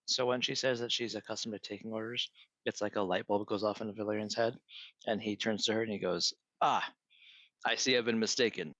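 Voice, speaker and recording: Low-voiced man playing a tabletop game. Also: flat delivery, fast talker, fairly bright tone, no room sound. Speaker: player. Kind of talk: describing actions in a tabletop game. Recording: dull lo-fi sound.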